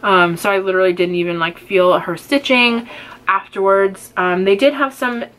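A woman's voice: mid-range voice, fairly even intonation, moderate pace, fairly bright tone. A young woman, casually telling a personal story to camera with lots of fillers and acted-out quotes. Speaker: vlogger. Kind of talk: chatty get-ready-with-me storytelling.

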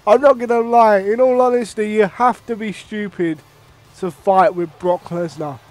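Young man from Ireland, very high voice, excitable and sweary, game commentary. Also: moderate pace. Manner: excitable, swearing, mock ring-announcer bursts. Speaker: gaming commentator.

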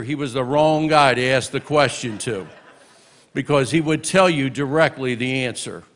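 This is a memorial tribute from a minister in his sixties, who shares amusing stories about an old friend in a church service. Between the anecdotes he calls out in praise, and his voice is a touch high for a man.

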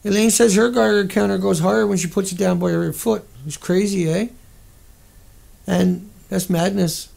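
A man's voice: high-pitched, steady tone, moderate pace, creaky, a little mellow. A man hosting a livestream, ranting in an indignant, profane, rambling way. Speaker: livestream host. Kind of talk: angry livestream rant.

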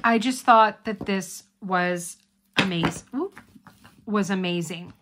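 Unhurried gushing woman vlogger. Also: medium pitch, noisy background. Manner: gushing, chatty, addresses viewers as guys. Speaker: craft channel host. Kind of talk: casual unboxing vlog.

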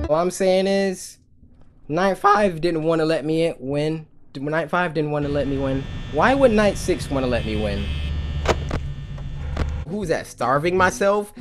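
A young man in his twenties talks through a video game in a loud, joking way. His pitch swings wildly and keeps cracking up into high squeaks. Game music plays clearly under his voice. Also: very animated, moderate pace. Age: 20s. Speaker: gaming YouTuber. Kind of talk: let's play commentary.

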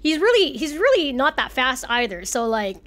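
A woman's voice: high-pitched, very animated, moderate pace, a bit bright. A woman streaming a horror game, talking to her chat and swearing in flustered bursts as she gets lost and scared. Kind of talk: live gameplay commentary.

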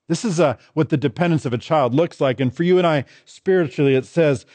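A man's voice: fairly high pitch, fairly quick, few pauses, a little mellow, no room sound. A man preaching a sermon as pastor, stressing and repeating his key phrases in contrasting pairs.

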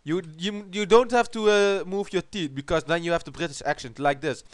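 A man's voice: high voice, steady tone, brisk, clear, resonant tone, no room sound, studio quality. A man with a Dutch accent giving crude, joking commentary while playing a video game, swearing often. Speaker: let's play commentator. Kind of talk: casual gameplay commentary.

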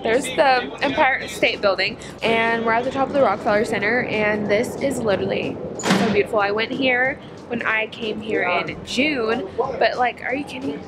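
Bubbly young woman vlogging, fairly high voice. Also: moderate pace, very noisy. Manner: bubbly, chatty, says "literally" and "like" often. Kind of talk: casual vlog chat. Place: out and about in a city, then indoors at home. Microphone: handheld camera. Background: loud background music.

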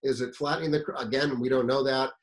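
A man from the United States giving a fire service career seminar, telling a story in an animated, emphatic, conversational way. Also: medium pitch, fast, rough recording.

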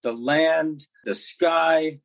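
A man's voice: fairly high pitch, drawn-out words, vocal fry, no echo, low-quality recording. A man in his seventies from New York, a podcast guest telling wry, self-mocking stories in casual chat. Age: 70s.

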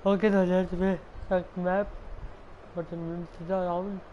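A man streaming a game, talking in halting, repetitive English mixed with Hindi. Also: high-pitched, level tone, lo-fi sound, slight background noise. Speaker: gaming streamer. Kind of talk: casual live-stream chat.

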